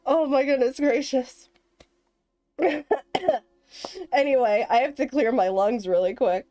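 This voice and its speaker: A woman's voice: sits high, slow, mellow, dry recording. A woman streamer chatting casually on a live stream, rambling and giggling, out of breath.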